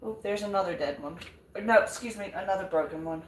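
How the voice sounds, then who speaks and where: This live vlog features an older woman who talks with and encourages her audience as she cooks at home. Her mid-range voice moves fairly quickly, far from the mic, in an echoey room with a little hiss or hum.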